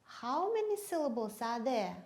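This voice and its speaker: A woman, a native Kyrgyz speaker, leading a teaching demonstration in English, drilling words slowly and clearly. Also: fairly high pitch, big pitch swings, a little mellow.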